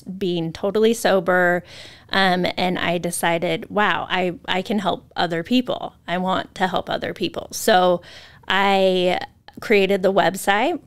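A woman's voice: on the low side, smooth. A woman hosting a podcast, chatting casually and self-mockingly in a studio, often backing up to restart her sentences. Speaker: podcast host. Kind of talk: casual interview chat.

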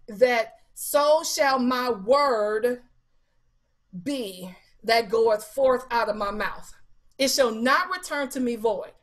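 Lady preacher, kinda high voice, casual and fired up, lots of questions at the saints. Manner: animated preaching with scripture quotes and rhetorical questions; casual colloquial speech with fillers. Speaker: evangelist preaching at Bible study. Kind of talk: sermon.

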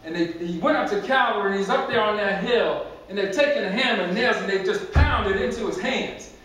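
A man's voice: high voice, a little fast, a bit bright. A male pastor preaching a sermon, telling the story emphatically and repeating phrases for effect. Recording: very echoey church, distant mic.

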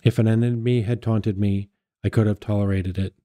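A man reading scripture and a church father's discourse aloud as a liturgical reader, measured and steady, correcting himself now and then. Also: on the low side.

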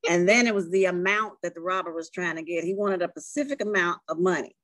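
A woman's voice: lowish voice, fast, a bit bright, dry recording. A woman librarian in casual conversation about a novel, filling in plot details. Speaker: librarian co-host. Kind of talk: casual book discussion.

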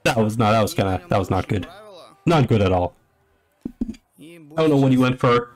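A man's voice: mid-range voice, animated, moderate pace. A young man giving a casual play-by-play reaction, rambling and joking with frequent exclamations. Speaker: reaction commentator.

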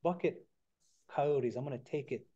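A man's voice: mid-range voice, moderate pace, warm tone, natural voice. Fed-up badger mom, a guy doing her lines, short and blunt, pretty much his normal voice, muffled audio. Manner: curt, fed-up. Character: fed-up mother badger leaving home.

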